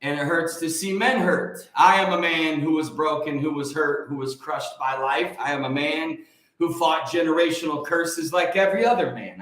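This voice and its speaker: A man with a slightly high, fairly bright voice hosts a casual morning livestream, greeting viewers by name and chatting with them. He makes emphatic, preachy points, and the room is very echoey.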